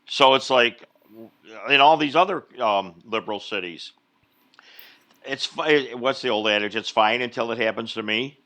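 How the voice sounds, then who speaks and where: Bright-voiced sardonic male co-host. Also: medium pitch, moderate pace. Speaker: podcast co-host. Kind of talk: casual podcast chat.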